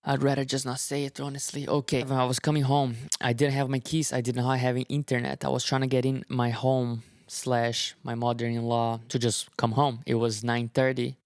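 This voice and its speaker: Man earnestly recounting a story, flat tone. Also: medium pitch, dry recording, clean studio sound. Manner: earnest, halting with fillers and restarts. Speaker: vlogger. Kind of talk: casual storytelling to camera.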